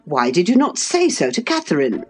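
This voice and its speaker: A woman reading an audiobook, voicing a fastidious, cross gentleman husband in a peevish, dismissive tone. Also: on the low side, huge pitch swings, breathy edge, soft background music, full character voice. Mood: irritable. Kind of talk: audiobook character voice.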